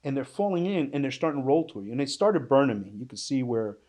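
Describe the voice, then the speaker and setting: This retired police officer, a middle-aged man, is animated and quick, his medium-pitched voice slightly mellow. He relives an ordeal for an interviewer in emotional first-person storytelling, acting out quoted lines emphatically, plain-spoken and blunt, with swearing.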